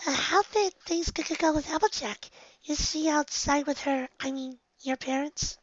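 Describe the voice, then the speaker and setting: A woman's voice: high-pitched, normal speed, dry recording, pitched above the performer's own voice, close to an everyday voice. A woman voicing a timid, shy young female pegasus who stammers and hesitates, recorded on a dull lo-fi home setup. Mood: flustered.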